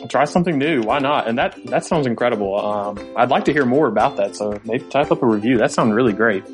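A man's voice: mid-range voice, fast, faint music behind. Easygoing man with a Tennessee accent. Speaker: podcast co-host. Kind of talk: casual podcast chat.

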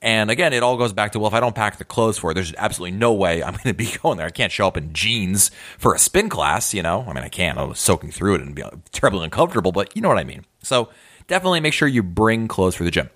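Animated male podcast host. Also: lowish voice, fast talker. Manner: animated, conversational, emphatic asides. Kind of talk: casual podcast tips.

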